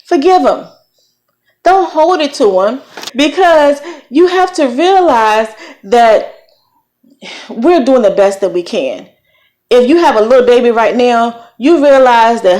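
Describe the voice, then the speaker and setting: A woman's voice: on the high side, expressive, slow pace, long pauses. A middle-aged woman from Virginia with a light Southern accent, giving encouraging, preachy parenting advice in a casual vlog. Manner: warm preachy encouragement with folksy phrasing. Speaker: vlogger.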